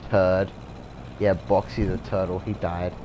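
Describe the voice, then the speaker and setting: A man's voice: deep voice, level tone, a little slow, dark tone, dull audio, slight background noise. A man voicing a curt, bitter young female crocodile in a video game, scolding in a dry tone.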